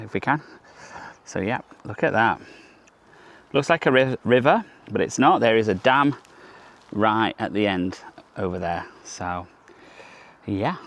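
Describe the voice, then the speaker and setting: A man narrates his walk through a forest for a travel vlog, chatty and meandering, sweaty from the climb. His voice sits slightly low, with a faint hiss of outdoor noise behind him. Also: a bit bright. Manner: rambling, chatty, lots of "so yeah" fillers. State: hot and sweaty from hiking. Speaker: travel vlogger. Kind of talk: casual walking vlog narration.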